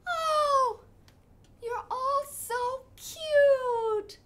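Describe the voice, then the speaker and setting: Weary mother duck for a kids' storybook, high and plaintive, played by a woman. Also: extremely slow, fairly bright tone, exaggerated voice. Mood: doting. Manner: sighing, plaintive.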